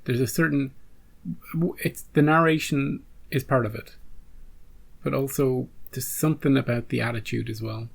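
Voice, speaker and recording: A man's voice: medium pitch, fairly even intonation, normal speed, vocal fry. A man hosting a reaction channel, chatting casually with rambling asides and joking restarts.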